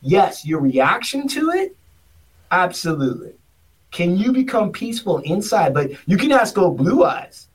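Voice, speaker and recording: A husky, high, sing-song male voice comes through a distant mic, speaking a little slowly. In casual podcast chat, this co-host rambles through his stories with many restarts and does funny voices for the people in them.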